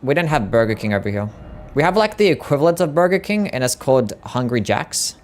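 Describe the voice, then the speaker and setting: A man's voice: medium pitch, sing-song, fairly quick, a little hiss or hum. A young Australian man with an Australian accent chats casually and swears while he streams a game for his viewers. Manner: laid-back and sweary, chatting to viewers. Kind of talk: casual chat while gaming.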